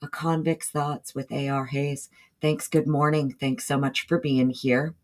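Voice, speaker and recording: A woman with a Southern drawl hosts a relaxed livestream chat. She talks loosely, wandering between her thoughts and greeting members of the chat by name as they arrive. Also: extremely low pitch, a little slow. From northeastern United States. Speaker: livestream host.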